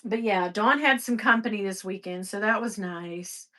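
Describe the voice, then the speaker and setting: A middle-aged woman hosting a casual livestream, chatting and reading viewer comments. She moves between soft, sighing passages and sudden excited high bursts. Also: normal speed. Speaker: livestream host.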